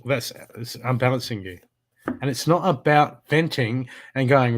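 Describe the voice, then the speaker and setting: A man's voice: mid-range voice, unhurried, slight background noise. Emphatic man giving a spiritual reading. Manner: emphatic, repetitive coaching talk. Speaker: intuitive card reader.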